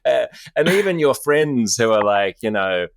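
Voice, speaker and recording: A man hosting an interview podcast, animated, laughing often and restarting his sentences. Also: mid-range voice, moderate pace, creaky, a little hiss or hum. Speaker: podcast host. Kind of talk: conversational interview. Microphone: studio microphone, headphones.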